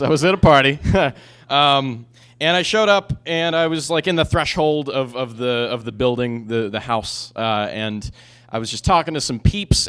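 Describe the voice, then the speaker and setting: A man's voice: mid-range voice, a bit bright, clear, resonant tone. A man in his twenties doing a stand-up comedy set, telling a rambling story with lots of restarts and asides. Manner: rambling, self-interrupting storytelling.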